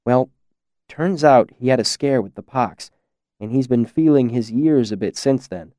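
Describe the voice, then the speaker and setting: A man's voice: high voice, lively intonation, brisk, no echo, studio quality, voice pushed up. A man voicing a humble, friendly male innkeeper eager to serve his customers. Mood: obliging.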